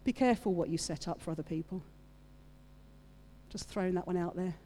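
A woman's voice: on the low side, a little fast, warm tone, a little hiss or hum. A woman preaching a sermon, retelling a story with playful asides to her congregation. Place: church hall with audience. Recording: long reverb of a large hall.

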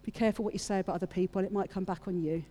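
A woman's voice: mid-range voice, steady tone, rapid-fire, mellow. A woman preaching a sermon, retelling a story with playful asides to her congregation. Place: church hall with audience. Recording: long reverb of a large hall.

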